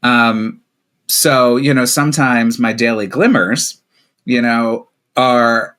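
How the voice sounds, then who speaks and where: A man's voice: medium pitch, slow pace, fairly bright tone. Middle-aged guy on a podcast, medium voice, chatty with little jokey asides. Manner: conversational, self-deprecating asides. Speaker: leadership coach, podcast guest. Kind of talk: casual chat.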